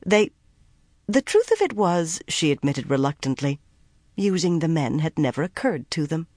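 An audiobook narrator reading a fantasy novel in a measured, even storytelling manner. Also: mid-range voice, no room sound, clean studio sound. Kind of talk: scripted narration.

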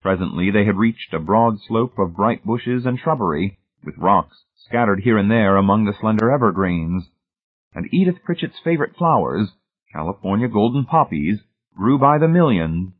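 A man's voice: on the low side, very animated, normal speed. Man narrating over a tinny line. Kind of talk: audiobook narration. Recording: tinny phone-like band.

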